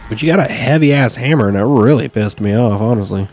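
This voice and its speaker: A man's voice: medium pitch, brisk, darkish tone, a little hiss or hum. A man casually commentating his own game, chatty and swearing, talking back at enemies and sniffling near his desk mic. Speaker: gaming streamer.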